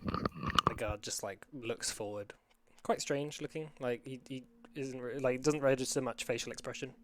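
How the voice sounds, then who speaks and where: Pria pemandu permainan yang bicara berputar-putar. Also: male voice, medium pitch, fairly even intonation, normal speed, pushed and bright, slight background noise. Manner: rambling, many fillers. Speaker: game master. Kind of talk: narrating a tabletop game.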